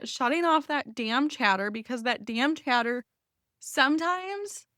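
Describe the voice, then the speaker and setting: Heartfelt woman podcaster, higher voice. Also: fairly bright tone, no echo, studio quality. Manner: open, heartfelt, rambling. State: emotional, near tears. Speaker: podcast host. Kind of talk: unscripted personal podcast talk.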